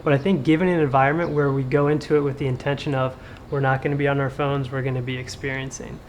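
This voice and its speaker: A man co-hosting a casual chat, relaxed and agreeable, often answering with a quick "right". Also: medium pitch, a little hiss or hum. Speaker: co-host.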